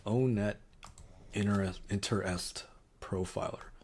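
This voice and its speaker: A man's voice: on the low side, fairly even intonation, measured pace, a little mellow, slight background noise. A man streaming casually, reading quiz options aloud and muttering wry, sarcastic asides.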